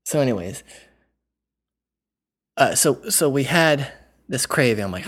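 A man's voice: mid-range voice, lively intonation, unhurried, slightly rough. A man co-hosting a casual chat, playful and teasing, telling a rambling story.

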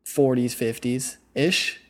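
A man's voice: medium pitch, slow pace. A young man hosting a podcast, telling a casual, rambling story full of "like" and "you know.". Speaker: podcast host.

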